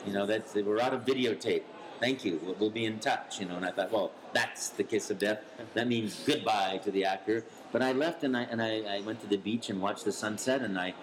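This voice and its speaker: A man, a voice actor, telling an anecdote in an interview and acting out quoted voices with big leaps in pitch. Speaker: voice actor guest.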